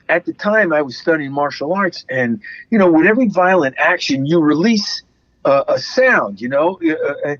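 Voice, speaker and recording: A man's voice: on the high side, no room sound, dull audio. A man in his sixties, an actor and interview guest, telling anecdotes, acting out the voices of the people in his stories and laughing often. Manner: animated storyteller acting out quotes, laughs often. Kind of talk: anecdotal storytelling.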